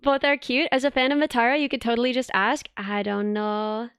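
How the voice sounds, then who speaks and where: Giggly young woman streamer, smooth voice. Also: fairly high pitch, fairly even intonation, fairly quick, fairly bright tone, no room sound, studio quality. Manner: giggly, chatty, rambling with filler words. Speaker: VTuber streamer. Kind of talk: casual live-stream chat.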